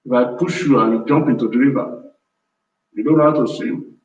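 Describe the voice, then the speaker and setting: A man's voice: mid-range voice, fairly quick, a little mellow, slight background noise. A man hosting a business show, giving a motivational talk in a repetitive, pleading way. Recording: distant, roomy, dull sound.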